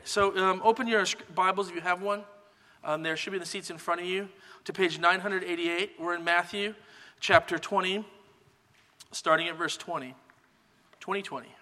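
A man preaching a sermon as pastor, in a relaxed conversational teaching manner. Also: high voice, big-room sound. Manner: relaxed conversational teaching, many "kind of" hedges.

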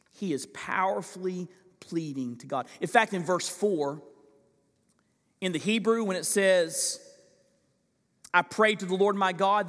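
A man preaching a sermon as pastor, impassioned, swinging from loud pleading to hushed asides. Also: sits high, long reverb tail. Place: large church sanctuary.

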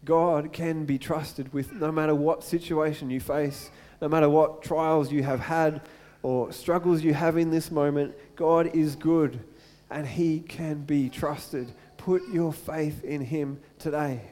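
A young adult man preaching a sermon as pastor, earnest, swinging between loud urgent build-ups and slow, soft appeals. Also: on the high side, steady tone.

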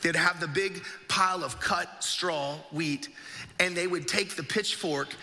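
A man's voice: high voice, unhurried, pushed and bright. A man preaching a sermon as a pastor, telling a story vividly and with emphasis. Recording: echoey hall with faint music.

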